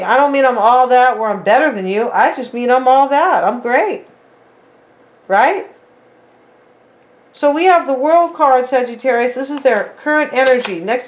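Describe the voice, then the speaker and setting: A woman giving a casual tarot reading, chatting straight to her viewers and tagging her lines with "right?" and "like". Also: high voice. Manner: talks straight to viewers as "you guys". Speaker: tarot reader.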